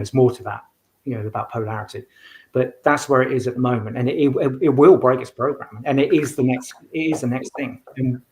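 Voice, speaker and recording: A man talking as a guest in a casual interview, rambling with frequent restarts and fillers. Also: medium pitch. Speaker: guest, medium and author. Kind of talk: casual conversation.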